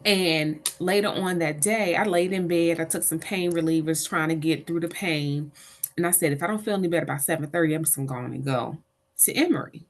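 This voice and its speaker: A woman's voice: low voice, brisk. A middle-aged woman, an interview guest telling a personal caregiving story and acting out the voices of the people in it. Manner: animated, voices the people in her stories.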